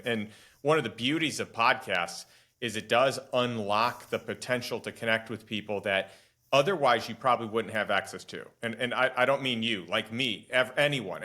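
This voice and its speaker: Bright-voiced enthusiastic podcast host. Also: male voice, on the low side. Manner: enthusiastic, repeats words as he talks. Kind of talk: conversational interview.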